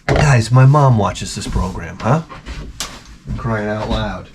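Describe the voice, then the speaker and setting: A man's voice: fairly low pitch, expressive, slow, background noise. A middle-aged man hosting a crude comedy vlog, opening packages and rambling with lots of swearing, jumping into mock voices to tell stories. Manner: profane, rambling, slips into mock voices for jokes.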